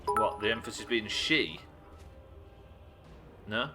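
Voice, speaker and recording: A man streaming a game live, talking excitably, swearing often and thanking viewers as he plays. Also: on the low side, takes it slowly, loud music behind the voice. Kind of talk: live gameplay commentary.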